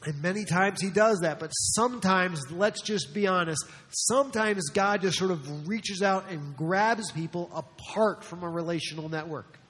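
High-voiced pastor preaching in a reverberant hall. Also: male voice, normal speed, hardly any pauses, a bit bright, husky. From New Jersey. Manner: conversational, joking asides, acts out quotes. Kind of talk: sermon.

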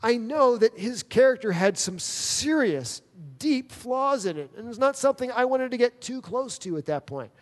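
A man's voice: extremely high pitch, lively intonation, moderate pace, few pauses. A man preaching a sermon, telling a personal story in a conversational way with quoted dialogue. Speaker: pastor. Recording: long reverb of a large hall.

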